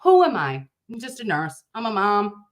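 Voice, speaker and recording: Outspoken woman livestream host, nurse by trade; blunt, profane, passionate, quick to outrage while she reads the chat. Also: mid-range voice, big pitch swings. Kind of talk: casual livestream chat reading viewer comments.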